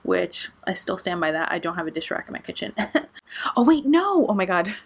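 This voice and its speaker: A woman's voice: on the low side, big pitch swings, a little fast, creaky, slightly rough. A young adult woman vlogger telling a story in a casual way, swearing a lot and using many filler words. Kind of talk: storytime vlog.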